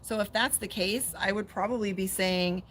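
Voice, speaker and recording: Medium in pitch and fairly bright, a woman's voice moves at normal speed over slight background noise. She's a tarot reader and psychic from Las Vegas, USA, casually live-streaming a reading outdoors by a pool, talking a lot, swearing freely and breaking off to address her dog.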